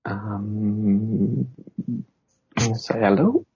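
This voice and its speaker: A man's voice: fairly low pitch, expressive, drawn-out words, mellow, husky, faint music behind. A man running a tabletop game over a call, matter-of-fact, in lo-fi online call audio. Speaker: game master.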